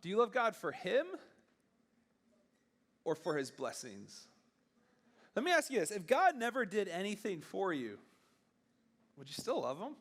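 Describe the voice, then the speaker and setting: A man's voice: sits high, wildly swooping pitch. A young man, a youth pastor, giving a casual sermon to teenagers in a chatty way, often acting out bits of dialogue. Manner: conversational, acts out dialogue in quick bursts.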